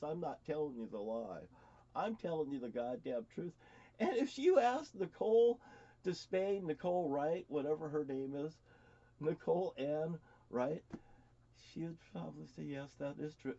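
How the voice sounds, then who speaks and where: A man's voice: medium pitch, warm tone, dull audio. A middle-aged man telling personal stories in a rambling, profane vlog monologue, stammering and repeating words. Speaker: vlogger.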